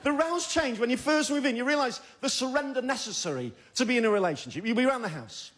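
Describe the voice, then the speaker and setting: A man's voice: very high-pitched, lively intonation, quick pace, fairly bright tone, slight background noise. A man from doing a stand-up comedy set, acting out characters in put-on voices. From Yorkshire, England. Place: large theatre with a live audience.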